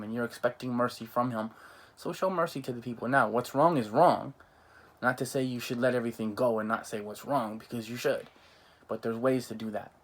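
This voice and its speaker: A man giving an informal religious talk on parenting, animated, with frequent restarts and quick mimicked asides. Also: medium pitch. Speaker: Islamic preacher.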